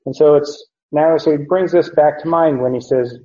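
Male Bible teacher, unhurried and mellow, lo-fi recording. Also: on the high side, steady tone. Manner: slow, deliberate explanation with frequent "uh" and self-corrections. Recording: roomy, dull lo-fi recording.

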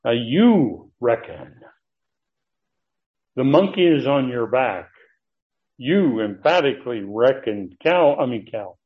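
A man teaching a Bible passage to a class, earnest and emphatic, slowing down to stress key words as he reads from his notes. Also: medium pitch, animated. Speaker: pastor teaching a Bible study. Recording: dull lo-fi recording.

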